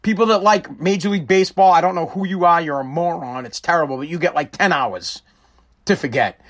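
A man's voice: on the high side, brisk, a bit bright. A man hosting a casual live-stream talk show, rambling and joking with frequent swearing. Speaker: show host.

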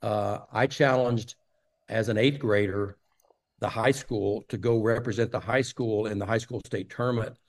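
A man's voice: fairly low pitch, fairly even intonation, normal speed, vocal fry. Older man, from Texas, interview guest, rambling anecdotes, lots of ums. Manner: rambling storyteller with many fillers. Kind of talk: casual storytelling interview.

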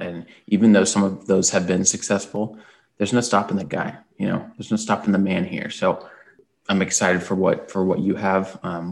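Gravelly low-voiced man, tired and chatty. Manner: chatty, rambling, with frequent "um"s and restarts. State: tired, early-morning voice. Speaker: podcast co-host. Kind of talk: casual sports podcast chat.

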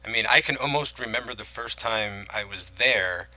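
Man with a bright, dry, close voice. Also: on the low side, moderate pace, no echo, rough recording. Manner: rambling, many fillers and restarts. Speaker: podcast co-host. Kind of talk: casual film chat.

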